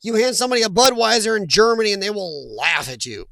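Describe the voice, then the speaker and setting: Gravelly high-voiced chatty man. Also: animated, fast talker, sharp tone, dry recording. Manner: rambling, jokey, reacts to chat comments. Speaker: host of a live chat stream. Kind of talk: casual live-stream chat.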